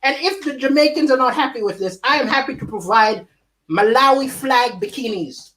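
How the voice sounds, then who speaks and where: At a moderate pace, a man runs through a livestreamed comedy set from home, with lively delivery, sweeping pitch changes and laughter between jokes. A crowd can be heard in the background.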